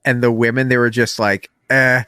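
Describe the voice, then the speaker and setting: A man with a mid-pitched voice co-hosts a podcast in relaxed conversation. He rambles through joking asides and often restarts his sentences. The sound is dry and close to the mic. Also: normal speed, dry recording. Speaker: podcast co-host. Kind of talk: casual podcast chat.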